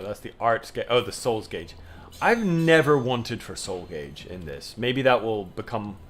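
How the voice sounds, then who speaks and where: A man streaming a video game, commenting casually and yelling and swearing at it when things go wrong. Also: fairly low pitch. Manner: excitable, swears, yells at the game. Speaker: gamer streamer.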